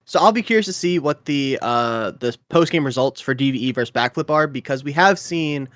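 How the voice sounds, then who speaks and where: A man's voice: mid-range voice, lively intonation, fairly quick, fairly bright tone, no room sound, clean studio sound. A man on a casual esports panel who also plays, speaking in a hesitant way with many fillers. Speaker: panelist and player.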